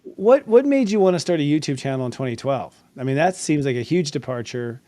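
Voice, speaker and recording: A man's voice: on the high side, expressive, fairly quick, dark tone, no echo. A man hosting an interview, thoughtful and affirming, who often uses fillers. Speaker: astrologer and show host. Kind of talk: interview chat.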